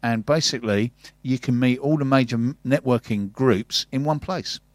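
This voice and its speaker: A man's voice: medium pitch, moderate pace, dry recording. A man hosting a business radio show, chatting and reading out an event plug with upbeat enthusiasm. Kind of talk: casual radio chat and read-out announcements. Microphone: studio mic.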